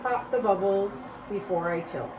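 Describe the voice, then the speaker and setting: Woman, unhurried speech, anxious rambling, casual painting chat, frequent fillers. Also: mid-range voice, noisy background. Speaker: fluid art painter and channel host.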